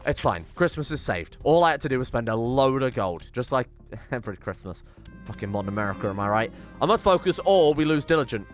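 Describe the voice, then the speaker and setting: A young man commenting on his strategy game, excitable and sweary, muttering to himself as he plays. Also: medium pitch, fairly quick, soft background music. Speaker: gaming channel host. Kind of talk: let's play commentary.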